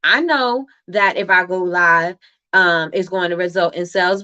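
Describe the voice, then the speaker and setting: A woman's voice: fairly low pitch, normal speed, pushed and bright, smooth, highs cut off. A woman hosting a motivational livestream, talking emphatically, repeating phrases for effect and reading viewer comments aloud. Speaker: livestream host.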